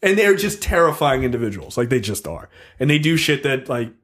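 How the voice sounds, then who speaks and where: A man's voice: medium pitch, a little fast. A man co-hosting a podcast in casual chat, telling stories with lots of swearing and acting out scenes. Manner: animated storytelling, swears freely, acts out scenes. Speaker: podcast co-host.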